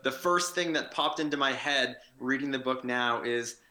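A man's voice: medium pitch, moderate pace, sharp tone. A man who teaches kindergarten, chatting on a book podcast with a wry, self-deprecating manner. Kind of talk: casual book discussion.

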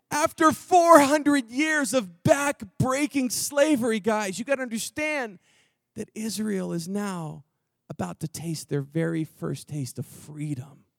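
High voiced pastor guy preaching, super animated, dry close sound. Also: creaky, dry recording. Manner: animated, acts out Bible characters, drops to near whisper. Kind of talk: sermon. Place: church auditorium.

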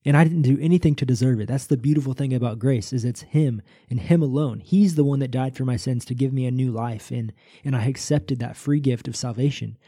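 A man's voice: mid-range voice, a little fast, mellow, slightly rough, no room sound, studio quality. A man preaching a short, impassioned sermon on a podcast. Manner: impassioned preaching, rising on cries.

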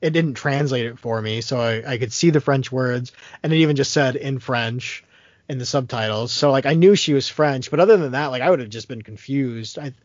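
A man's voice: mid-range voice, fairly quick, no echo, dull audio. A man casually talking through a movie's plot, rambling with lots of fillers and restarts. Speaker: podcast co-host.

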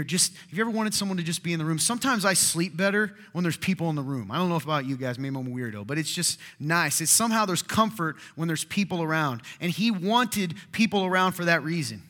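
A male pastor preaching a sermon in a conversational, animated way, sometimes dropping to a hushed voice. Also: a little high, normal speed. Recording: long hall reverb.

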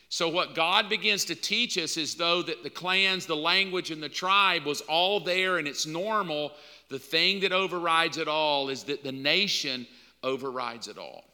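Man, pastor, conversational sermon, very bright tone, long hall reverb. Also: on the high side. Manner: conversational preaching, acts out quoted dialogue.

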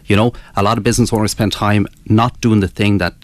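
A man, a business author interviewed as a guest, explaining his ideas in a measured way with frequent restarts. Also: fairly low pitch, steady tone. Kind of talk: radio interview.

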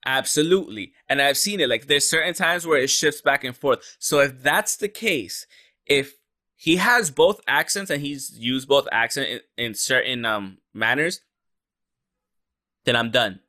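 A man co-hosting a casual wrestling chat, talking in an emphatic, animated way and swearing freely. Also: mid-range voice, measured pace.

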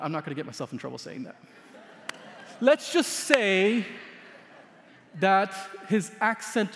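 A male pastor preaching with a high voice. He tells the story dramatically, swinging from loud emphasis down to hushed asides. His voice carries a long reverb, as in a large hall. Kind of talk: sermon.

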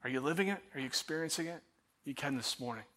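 A middle-aged male pastor preaching in a church auditorium, his voice high-pitched and bright. He tells stories with lively, self-mocking energy and then softens into quiet, earnest prayer. The delivery is warmly conversational, like a man talking straight to his congregation. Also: fast. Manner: animated storytelling, self-mocking, turning quiet and prayerful at the close. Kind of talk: sermon.

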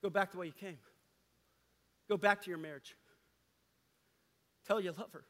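Bright-voiced preaching man in a hall. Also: sits high, fairly even intonation, normal speed. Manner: impassioned preaching, swinging between loud and hushed. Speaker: pastor. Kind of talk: sermon. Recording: long hall reverb.

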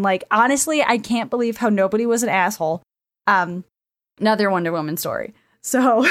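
A woman co-hosting a casual podcast chat from a friend's apartment, telling stories in an animated, excitable way and swearing freely. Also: mid-range voice, no echo, clean studio sound. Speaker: podcast co-host. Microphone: remote recording setup.

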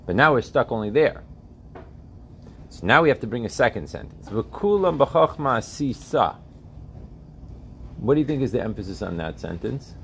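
A man's voice: medium pitch, big pitch swings, normal speed, pauses often, slight background noise. A man teaching a religious text class, often asking his students questions and checking that they follow.

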